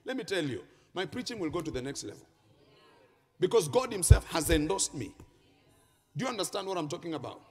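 A man's voice: fairly high pitch, expressive, a little fast, long pauses, darkish tone, husky. A man preaching a sermon to a congregation, reading scripture and breaking into sing-song emphasis. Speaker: pastor. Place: church hall. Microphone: handheld microphone. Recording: echoing hall reverb.

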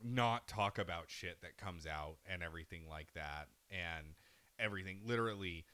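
A man in casual podcast chat, telling a video game story in an animated way, swearing freely and acting out the characters. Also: low voice, normal speed, clean tone. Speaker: podcast co-host.

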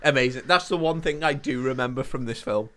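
Man, podcast co-host, tipsy, casual banter, laughing, mid pitch. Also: brisk, sharp tone. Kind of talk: casual chat.

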